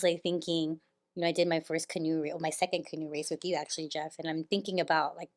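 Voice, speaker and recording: Woman, senior enlisted co-host, lower voice, casual and hesitant, quick to laugh. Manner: hesitant, many ums, laughs easily. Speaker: command chief, co-host. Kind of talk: casual podcast chat.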